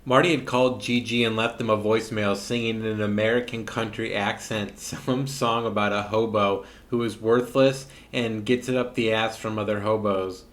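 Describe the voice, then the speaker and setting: A man's voice: lowish voice, steady tone, moderate pace, few pauses, a bit bright. A man narrating commentary over prank call recordings with dry, mocking asides.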